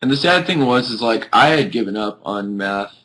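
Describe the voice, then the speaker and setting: A man's voice: medium pitch, expressive, normal speed, fairly bright tone, rough recording. A sleepy young man hosting a live video chat, chatting casually with viewers in a rambling way full of "like". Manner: rambling, peppered with "like". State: sleepy, yawning.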